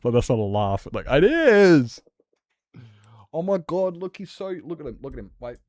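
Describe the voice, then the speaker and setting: A man chatting casually while he streams a game, rambling between jokes and laughing a lot. His voice is mid-pitched and unremarkable in height. He is on a close mic that sounds dry, with no room echo. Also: sing-song, fast talker, warm tone. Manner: rambling, jokey, laughs often. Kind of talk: casual gaming stream chat.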